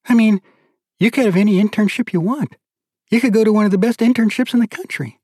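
A man's voice: sits high, fast, darkish tone, breathy edge, no room sound, clean studio sound, pitched above the performer's own voice. A man voicing a playful, affectionate young wife with a teasing, joking manner in an audiobook. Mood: eager.

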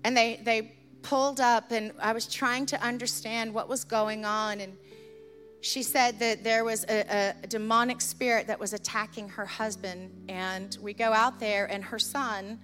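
Woman pastor preaching over soft music. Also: fairly high pitch, fairly even intonation, unhurried. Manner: storytelling, earnest and urgent, then softly intense in prayer. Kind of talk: sermon.

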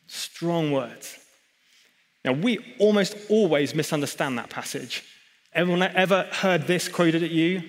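A man's voice: on the high side, unhurried. A man preaching a sermon in a church hall, emphatic, with chatty asides to the congregation. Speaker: pastor.

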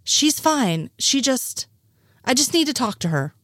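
A woman with a high, bright voice and big pitch swings speaks at a measured pace, pitched above her natural voice in a heavily acted performance as an exasperated male agent. The recording is dry, with clean studio sound.

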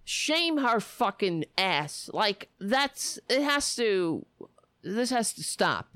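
Woman, angry political rant, swearing, sarcastic, slow deliberate delivery, swooping pitch, dry close sound. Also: sing-song, a bit bright, no echo. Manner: furious, profane, sarcastic.

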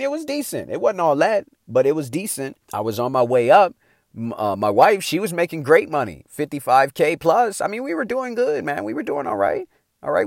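Animated middle-aged man giving a pep talk. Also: mid-range voice, no echo, studio quality. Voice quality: emphatic, slangy, swears freely. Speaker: motivational speaker. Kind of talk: motivational talk.

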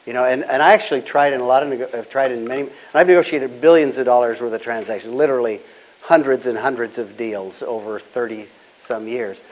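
An older man speaks in a calm, measured voice, walking through his points with anecdotes from a long career. He sounds like a guest being interviewed. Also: mid-range voice, low-quality recording. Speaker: guest, business founder. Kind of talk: storytelling interview answers.

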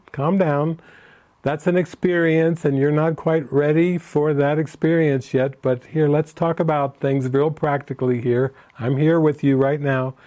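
A man's voice: mid-range voice, dark tone. An older man leading a spiritual retreat, reading out questions and telling stories in a storytelling manner. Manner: storytelling, answers questions read aloud. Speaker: spiritual teacher. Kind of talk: retreat talk.

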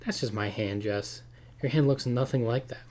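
A man reading the lines of a calm, soothing husband who brushes off his wife's fears. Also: medium pitch, moderate pace, close to an everyday voice. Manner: soothing, matter-of-fact. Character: reassuring husband, calm, a bit dismissive.

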